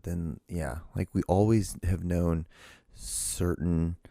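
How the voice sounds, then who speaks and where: A man's voice: low-pitched, steady tone, slow pace, gravelly, mellow, no room sound, studio quality. A man hosting his own podcast, talking in a rambling, profane solo monologue full of restarts. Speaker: podcast host.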